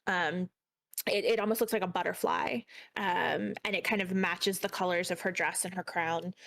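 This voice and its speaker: A woman's voice: on the low side, fairly even intonation, moderate pace, gravelly, fairly bright tone. A woman running a tabletop horror game as game master, describing scenes with many ums and repeated words. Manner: descriptive, with frequent ums and repetitions.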